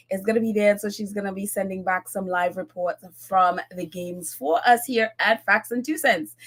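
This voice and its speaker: A woman hosting a casual live-stream show, chatty and laughing often, a little out of breath. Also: mid-range voice. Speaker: podcast host.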